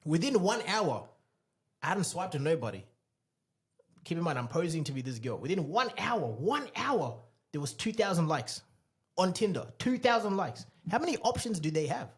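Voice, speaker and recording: Man, podcast co-host, dating advice, emphatic, repetitive, somewhat high voice. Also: big pitch swings, normal speed, breathy edge. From Australia. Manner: emphatic, repeats key phrases, acts out voices in anecdotes. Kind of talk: animated storytelling advice.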